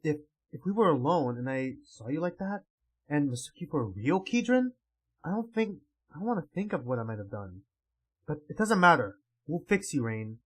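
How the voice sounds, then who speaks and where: A man's voice: fairly high pitch, sing-song, moderate pace, a bit bright. A man voicing a brash young male warrior who speaks bluntly and stammers through his apologies. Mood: earnest.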